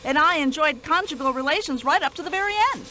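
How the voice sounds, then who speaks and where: An actress voicing a brash, nosy older American widow in a video game, speaking in an indignant, chatty American accent. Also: female voice, high voice, animated, fast, pushed and bright, a little hiss or hum.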